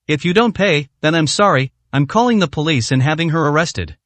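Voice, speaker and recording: A haughty rich woman, contemptuous and showy, as a male storyteller puts her on in a lively, slightly high reading voice. The sound is dry and close. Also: fairly quick, no room sound. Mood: scornful. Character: arrogant rich woman, spoiled son's mother.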